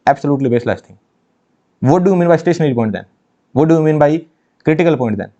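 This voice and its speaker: A man's voice: on the high side, expressive, quick pace, long pauses, dark tone. A man teaching engineering maths in an online exam-prep lecture, emphatic, repeating phrases and asking rhetorical questions. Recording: dull lo-fi sound.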